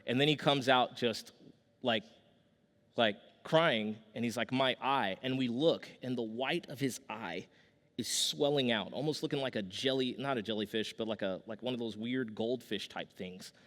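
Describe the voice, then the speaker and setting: A man in his thirties preaches in a church sanctuary, his voice trailing off into a long hall reverb. He talks the way he would tell a story to friends, with false starts, repeats and a relaxed "y'all". His pitch sits in the ordinary middle range for a man. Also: normal speed. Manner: conversational storytelling with restarts and Southern "y'all". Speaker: pastor. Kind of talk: sermon.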